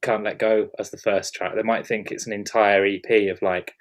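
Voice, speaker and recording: Brief: male producer, casual interviewer, low register, stop-start delivery. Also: flat delivery, moderate pace. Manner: hesitant, many fillers and restarts.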